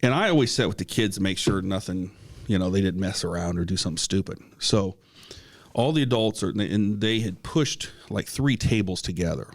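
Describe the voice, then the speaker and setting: Low-voiced man telling a spooky story. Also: lively intonation. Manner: earnest, halting, many restarts and fillers; coughs now and then. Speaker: podcast co-host. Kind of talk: casual storytelling.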